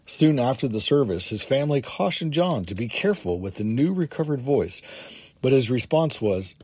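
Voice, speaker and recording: A man's voice: medium pitch, sing-song, moderate pace, a little mellow, slightly rough, no room sound. A man hosting a podcast, reading from a book aloud in an earnest way and adding his own comments, with small restarts. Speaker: podcast host.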